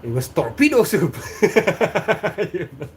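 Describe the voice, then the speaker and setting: A man with an Indonesian accent, a native Sundanese speaker, hosting a casual livestream chat, relaxed and chuckling, with many fillers. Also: high voice, takes it slowly, a little hiss or hum. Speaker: host.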